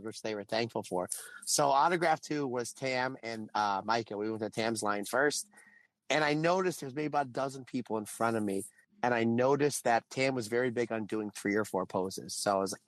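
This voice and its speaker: A married man co-hosting a podcast, telling a long anecdote in casual chat and acting out the quotes with animated swings in voice. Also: mid-range voice, no echo. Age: adult, married. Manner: animated storytelling with acted-out quotes. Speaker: podcast co-host.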